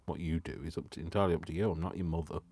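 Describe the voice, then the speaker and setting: A man's voice: very deep voice, fairly even intonation, racing, mellow. A man chatting casually through a live craft stream, giddy and rambling, teasing himself as he works. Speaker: crafting vlogger.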